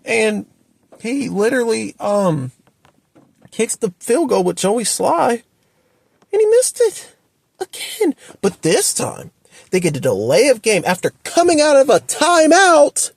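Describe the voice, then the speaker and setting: At home, a man rants about his football team in a sports opinion video, exasperated and repeating himself. His very animated, gravelly voice moves slowly with sharp pitch swings, and the recording is dry.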